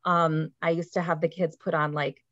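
A woman presenting to colleagues over a video call, with a lowish voice and an explanatory, chatty manner. She often checks in with a quick "right?". The call audio is dry and a bit dull and lo-fi. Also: level tone, fairly bright tone, no room sound. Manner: explanatory, tags points with "right?". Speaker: presenter, literacy teacher. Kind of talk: webinar presentation.

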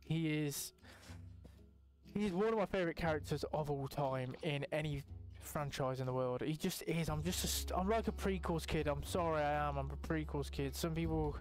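Excitable young man, fairly high voice. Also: normal speed, faint music behind. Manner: excitable, rambling, swears casually. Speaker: gaming YouTuber. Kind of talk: casual let's-play commentary.

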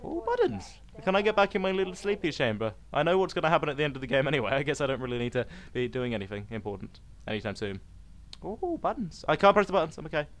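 A man giving silly, excitable commentary while playing a video game. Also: mid-range voice, rapid-fire, hardly any pauses. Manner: silly, excitable, yelps and exclaims. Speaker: gaming video host. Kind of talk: let's play commentary.

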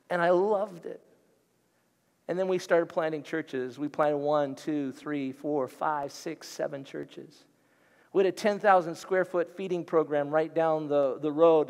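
A middle-aged man, a guest pastor, preaching an animated storytelling sermon in a church. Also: sits high. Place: church sanctuary. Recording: long hall reverb.

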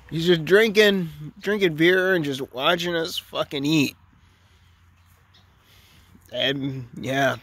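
A man's voice: fairly high pitch, a little slow, pauses often, fairly bright tone. A drunk man with a Wisconsin accent, rambling and swearing as he talks to cows outdoors while filming them himself. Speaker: vlogger. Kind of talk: rambling outdoor chat to animals. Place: outdoors by a cow pasture. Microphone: handheld camera he films with.

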